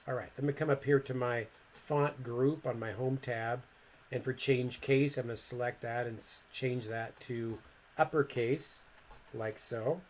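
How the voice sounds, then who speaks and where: A man giving a relaxed, step-by-step software tutorial, thinking aloud as he clicks through each command. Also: mid-range voice, normal speed, slight background noise. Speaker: computer instructor. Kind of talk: screen-recorded software tutorial.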